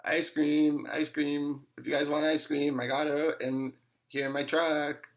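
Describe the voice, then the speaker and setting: A man's voice: on the high side, little pitch movement, unhurried. A man playing a friendly ice cream truck vendor calling out in a sing-song way.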